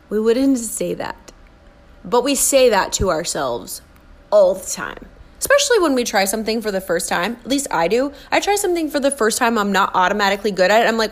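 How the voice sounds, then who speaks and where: A woman's voice: on the high side, animated, brisk. An earnest woman in her forties talks straight to the listener about self-worth. She coaxes and encourages, and slips into little acted voices to show how we speak to ourselves. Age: 40s. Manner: earnest, coaxing, acts out inner voices. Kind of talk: motivational monologue.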